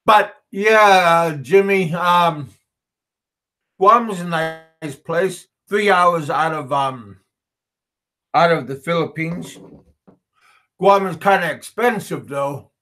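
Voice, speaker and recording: A man hosting a casual livestream, reading viewer comments aloud and answering them in a halting way, with frequent repeats and restarts. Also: a little high, bright, forceful tone. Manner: slow, chuckling, talks back to chat. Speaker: livestream host.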